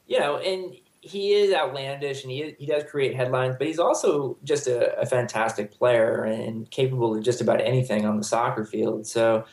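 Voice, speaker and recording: A man of middle pitch speaks in a relaxed panel chat. He explains things fluently and thoughtfully. His voice carries a roomy echo. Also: moderate pace, few pauses. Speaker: soccer journalist.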